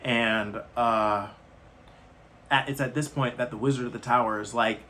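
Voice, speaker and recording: A man's voice: medium pitch, steady tone, moderate pace, bright, forceful tone, slight background noise. A man casually retelling a film's plot in a loose, rambling way with slangy asides. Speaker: movie reviewer.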